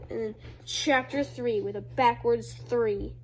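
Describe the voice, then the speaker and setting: A woman's voice: a little high, fairly even intonation, unhurried, hardly any pauses, a little hiss or hum. A woman casually showing her own comic drawings, rambling with many fillers and unsure asides. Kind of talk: casual show-and-tell narration.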